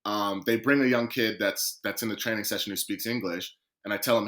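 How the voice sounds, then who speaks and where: A man speaking as a podcast guest, his voice bright and forward. He tells a long personal story with energy. He slips into quoted dialogue as he goes and acts out each person. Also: on the low side, steady tone, brisk, few pauses. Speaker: guest footballer.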